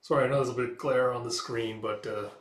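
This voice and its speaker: A man's voice: medium pitch, fairly even intonation, fast talker. A man hosting a casual comic read-through, talking in a laid-back way with many filler "uh"s. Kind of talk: casual read-aloud commentary. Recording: echoey room.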